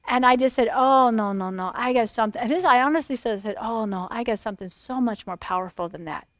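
A middle-aged woman preaches, recounting her story in an animated, rambling way. Her voice sits a little high. The recording is dry and close. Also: fast talker, dry recording. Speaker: pastor. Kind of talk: sermon testimony.

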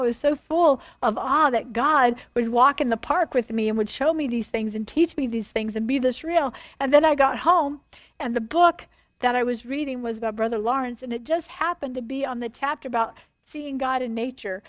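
A woman preaching a sermon, telling stories in an animated, emphatic way and acting out dialogue. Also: sits high, a little fast, no room sound.

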